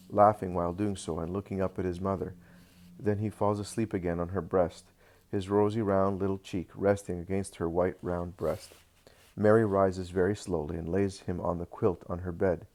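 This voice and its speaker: A man narrates a devotional text in a slow, earnest reading. His voice sits very low, and he now and then stumbles on a word and corrects himself. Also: darkish tone.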